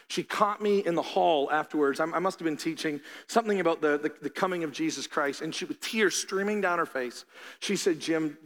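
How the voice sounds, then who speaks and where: Emphatic high-voiced male pastor preaching. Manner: emphatic, rising to loud peaks then dropping soft. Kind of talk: sermon. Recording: long hall reverb.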